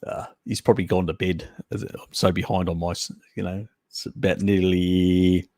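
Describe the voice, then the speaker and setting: A man's voice: deep voice, little pitch movement, normal speed, darkish tone, no room sound. A man hosting a casual live stream, chatting with viewers, reading their comments aloud and calling them mate. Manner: chatty, laughs often, addresses viewers as mate.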